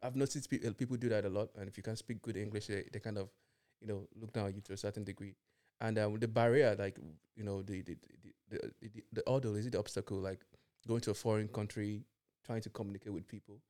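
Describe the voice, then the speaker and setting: Fast, halting man with a smooth, low voice. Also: steady tone, dark tone. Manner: quick, halting, many restarts. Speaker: podcast co-host. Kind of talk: casual chat.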